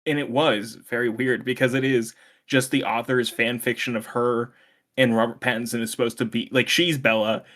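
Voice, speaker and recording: A man's voice: mid-range voice, little pitch movement, moderate pace, a bit bright. A young man co-hosting a podcast in casual chat, rambling, laughing often and swearing freely. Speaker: podcast co-host.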